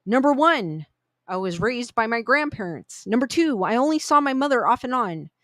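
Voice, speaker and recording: A woman's voice: on the high side, sing-song, normal speed, a bit bright, no echo. A woman reading online ghost stories aloud in a casual, chatty way, with little asides. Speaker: story reader.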